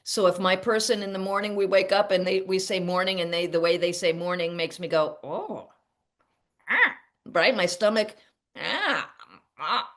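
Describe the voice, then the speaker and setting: Woman, middle-aged, therapist, casual teaching, lowish voice, animated, acts out quotes. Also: moderate pace. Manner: animated, acts out little quoted exchanges, laughs at herself. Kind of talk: casual teaching talk to camera.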